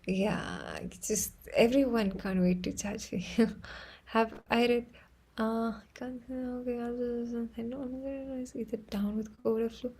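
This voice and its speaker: A woman with an Indian English accent hosting a live stream, chatting casually and laughing often as she tells excitable stories. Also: on the high side, unhurried, slightly rough, low-quality recording. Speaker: livestream host.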